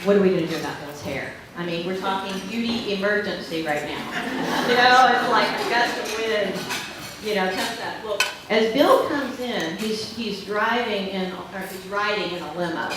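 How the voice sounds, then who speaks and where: A woman giving a keynote speech, telling a lively anecdote to an audience with laughs along the way. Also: medium pitch, unhurried, noisy background. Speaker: keynote speaker. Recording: echoey hall from far off with dish clatter.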